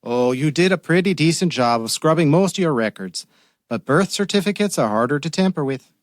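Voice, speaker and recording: An actor playing a shrewd, dry-witted male police detective in a radio drama, calm and probing. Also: a little high, brisk, dry recording, lightly acted. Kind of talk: radio theater acting.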